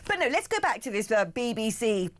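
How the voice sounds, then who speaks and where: A woman from the West Country hosting a TV talk show, telling it in a brisk, sardonic and animated way. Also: fairly high pitch. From West Country of England. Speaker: TV news talk host. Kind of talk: opinionated studio chat. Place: TV studio.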